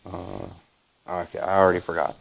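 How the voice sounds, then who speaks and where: A man's voice: low-pitched, steady tone, moderate pace, creaky, poor audio. A man talking through a casual vlog, meandering with frequent fillers and self-corrections. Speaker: channel host. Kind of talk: rambling casual vlog commentary.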